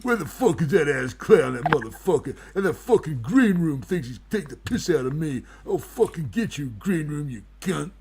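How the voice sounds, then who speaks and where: A man's voice: fairly high pitch, sing-song, moderate pace, few pauses, a crowd in the background. A man on a livestream playing a boastful, paranoid wizard who swears constantly, rambles and threatens people. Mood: angry. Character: foul-mouthed, boastful, paranoid self-styled wizard man. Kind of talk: improvised comedy bit on a livestream.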